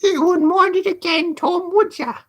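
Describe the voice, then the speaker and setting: A man's voice: steady tone, normal speed. A man reading aloud voices a cocky young male pickpocket who needles the others. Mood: needling. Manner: needling, high and sharp.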